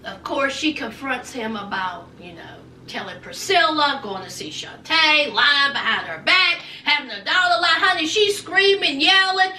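A woman's voice: high voice, moderate pace, few pauses, echoey room, recorded from a distance, slight background noise. A woman, casually recapping a reality show, acting out people's lines and using folksy slang. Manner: animated, acts out people's lines in voices; folksy slang, "honey", "child". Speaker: recap vlogger.

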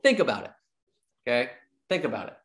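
A man giving an energetic sales training talk, repeating his key points like a coach and acting out little dialogues with clients. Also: medium pitch, a little fast. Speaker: real estate sales trainer.

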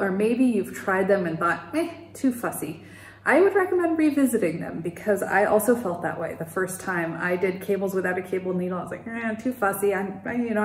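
Her mid-range, darkish voice carries a casual knitting video chat for her podcast, recorded at home in an echoey room. She rambles slightly, with fillers and an occasional laugh.

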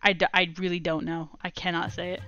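A woman chatting casually while streaming a game live, rambling and excitable as she talks to viewers. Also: fairly low pitch, fast talker, highs cut off, soft background music. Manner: rambling and excitable, restarts and laughs often. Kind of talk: casual live gameplay commentary.

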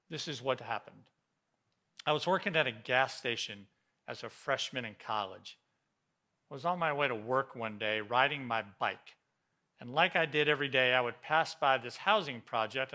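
Bright-voiced preaching man. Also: medium pitch. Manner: animated, retelling a story with quoted voices. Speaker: pastor. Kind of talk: sermon storytelling. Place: church sanctuary.

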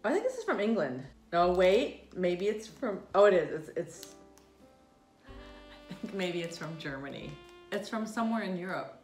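A woman's voice: lowish voice, very animated, moderate pace, a little mellow. A middle-aged woman from Minnesota hosting a casual food review chat, chatty and laughing often. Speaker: host. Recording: echoey room with background music.

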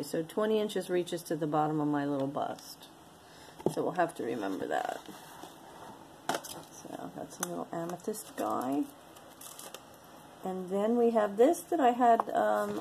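A woman's voice: lowish voice, gravelly, noisy background. A woman chatting casually to viewers as she shows and sells jewelry, rambling and talking to herself between items. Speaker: online jewelry seller. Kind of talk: casual sales chat to viewers.

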